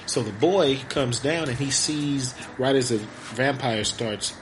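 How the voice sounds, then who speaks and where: A man's voice: medium pitch, background noise. Rambling man recapping a movie. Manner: rambling, acts out characters' lines in quick voices. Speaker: podcast host.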